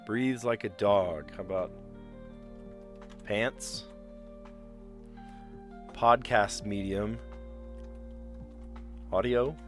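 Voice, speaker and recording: Low-voiced chatty man thinking aloud. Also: extremely slow, long pauses, soft background music. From South Jersey. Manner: chatty, muses aloud and second-guesses himself. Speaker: livestream host playing word puzzles. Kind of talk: casual thinking-aloud commentary.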